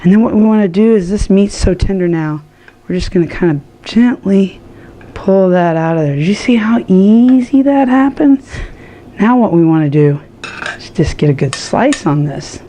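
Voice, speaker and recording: A woman's voice: mid-range voice, expressive, moderate pace, dark tone, slight background noise. A woman hosting a home cooking show, chatting to viewers with enthusiasm as she cooks. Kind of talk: casual cooking demonstration.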